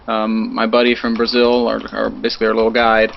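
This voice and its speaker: Male podcast panelist, gravelly, casual storyteller, muffled audio. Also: on the low side, brisk, a little hiss or hum. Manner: animated, acts out quoted voices. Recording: dull lo-fi audio.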